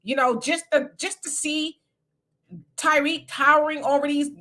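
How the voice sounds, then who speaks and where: A woman's voice: high voice, steady tone, measured pace, a bit bright. A woman from California giving blunt, colloquial political commentary on a casual live stream.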